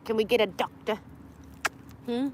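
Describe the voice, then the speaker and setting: A woman's voice: on the high side, unhurried, noisy background. A tired young woman rambling through a livestream from her parked car, joking crudely, laughing often and cooing at her dogs. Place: parked car in a parking lot.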